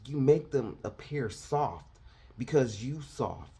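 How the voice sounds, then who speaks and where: A man's voice: mid-range voice, lively intonation, slow pace, gravelly, mellow, slightly rough. A man preaching a confrontational, fiery sermon, lecturing his listeners.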